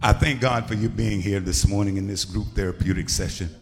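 A man preaching in a church, moving between shouted, sing-song bursts and quieter talk, leading the congregation in call and response. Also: lowish voice, fairly even intonation, fairly quick, creaky, soft background music. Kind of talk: lively sermon with call and response. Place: church hall. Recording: long church-hall reverb.

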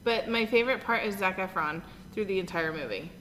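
Bright-voiced bubbly woman chatting. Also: mid-range voice, a little fast. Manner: bubbly, giggly, animated retelling. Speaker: podcast co-host. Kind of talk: casual chat. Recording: roomy reverb with faint noise.

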